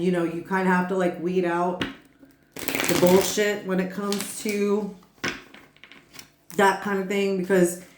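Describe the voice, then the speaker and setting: A woman's voice: mid-range voice, echoey room. Rambling, profane woman tarot reader. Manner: rambling, swearing, laughing asides. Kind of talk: casual tarot reading.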